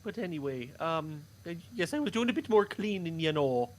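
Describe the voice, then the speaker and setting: A man's voice: a little high, animated, moderate pace, slight background noise. A middle-aged male streamer chatting casually, rambling between fits of laughter. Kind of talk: casual chat.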